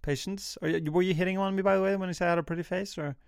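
A man's voice: sits high, steady tone, very fast, gravelly, clear, resonant tone, dry recording, clean studio sound. A man hosting an improvised comedy sketch, flustered and stammering, often breaking into laughter. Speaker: host of a comedy bit.

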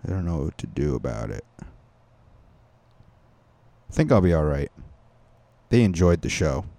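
Deep-voiced crude podcast comedian. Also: male voice, very animated, measured pace, vocal fry, warm tone, dry recording. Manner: crude, rambling, many fillers and restarts. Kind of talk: casual comedic monologue.

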